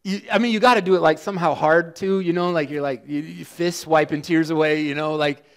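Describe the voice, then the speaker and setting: A middle-aged male pastor preaching a sermon in an animated, conversational way with lots of fillers. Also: on the high side, brisk. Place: church sanctuary.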